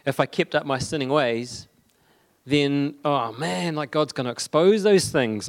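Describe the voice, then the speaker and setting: Chatty young man preaching a sermon. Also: on the high side. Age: young adult. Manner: conversational, halting with fillers.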